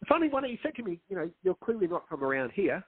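A man's voice: high voice, sing-song, rapid-fire, a little hiss or hum. A film director as a guest in a casual interview, explaining earnestly and acting out quotes as he tells stories. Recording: tinny phone-line sound.

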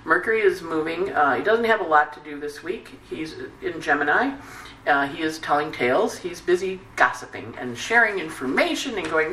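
A woman astrologer hosting a casual weekly forecast, talking in a chatty, animated storytelling way with many asides. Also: deep voice, normal speed, a little hiss or hum. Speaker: astrologer host. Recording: echoey room, distant mic.

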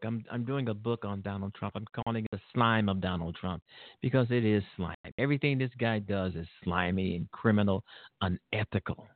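A man's voice: on the low side, moderate pace, no room sound. A man hosting his own show, giving rambling, indignant political commentary with laughter and restarts. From Illinois, USA. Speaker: show host. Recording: dry tinny phone-like sound.

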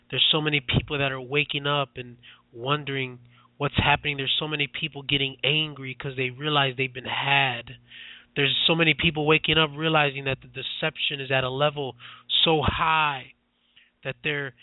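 A man's voice: medium pitch, no room sound. Preacher man, tinny phone-like sound. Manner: repetitive rhetorical questions to listeners. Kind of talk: sermon.

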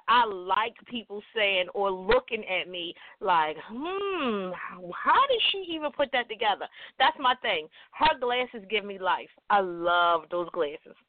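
A woman's voice: medium pitch, no room sound. Chatty woman radio host, tinny sound. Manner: chatty, playful, self-teasing. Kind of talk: casual radio chat. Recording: dry, tinny phone-like sound.

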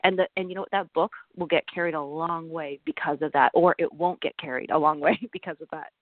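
A middle-aged woman chatting as an interview guest, animated and quick to laugh, with many fillers. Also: low voice, dry recording. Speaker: interview guest, author and nutritionist. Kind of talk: casual interview conversation. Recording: tinny phone-like line.

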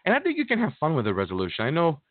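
A man giving an informal Buddhist dharma talk in a gentle, halting way, with frequent restarts and fillers. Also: fairly high pitch, wildly swooping pitch, no echo. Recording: dry, phone-like narrow sound.

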